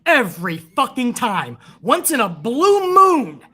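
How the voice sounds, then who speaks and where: A woman hosting her own wrestling review show, ranting to viewers in a casual, heated way, swearing constantly and retelling events with rising excitement. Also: a little high, slow, slightly rough. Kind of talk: casual profane review rant.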